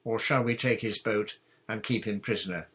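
A man's voice: fairly low pitch, fairly bright tone, breathy edge. A man reading a storybook, voicing a bold, bossy girl who leads her friends like a pirate captain. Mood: commanding. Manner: commanding, brisk, dramatic.

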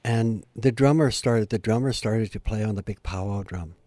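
A man's voice: normal speed, mellow, dry recording. An older man telling a heartfelt story in an interview, earnest and rising in feeling at the big moments. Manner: earnest, heartfelt, climbs in pitch and volume at emotional peaks. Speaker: guest storyteller and musician.

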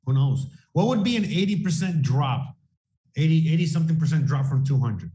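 A man's voice: fairly high pitch, lively intonation, a little fast, warm tone. A man co-hosting a casual crypto livestream, rambling and swearing, full of "you know what I mean.".

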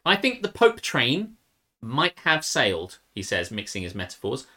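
A man's voice: mid-range voice, huge pitch swings, moderate pace, bright, forceful tone. A man from the United States co-hosting a livestream, chatting in a rambling, self-deprecating way. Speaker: stream co-host. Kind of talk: casual chat.

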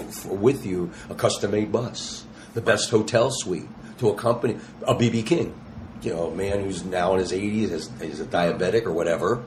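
A man in his sixties, a touring rock musician, telling stories in a casual interview and acting out the quotes in a slangy, animated way. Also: lowish voice, slight background noise. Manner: animated, slangy storyteller who acts out quotes.

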